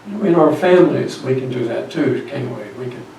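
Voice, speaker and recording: A man's voice: mid-range voice, moderate pace, gravelly, a little mellow, a little hiss or hum. A man preaching a sermon, telling a story and asking the congregation questions. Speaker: pastor. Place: church sanctuary. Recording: echoey church hall from far off.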